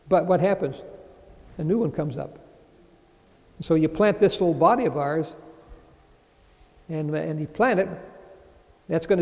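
A man's voice: fairly high pitch, warm tone, big-room sound. A man teaching a sermon, reading scripture aloud and explaining it verse by verse. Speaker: Bible teacher.

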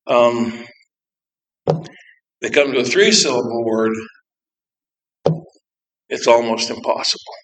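A man who volunteers in prison ministry, speaking informally to a church group in a halting, plainspoken way, with many asides. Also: medium pitch, a bit bright, low-quality recording. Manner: rambling, plainspoken, full of asides; halting, with frequent pauses. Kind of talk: informal church talk to a congregation.

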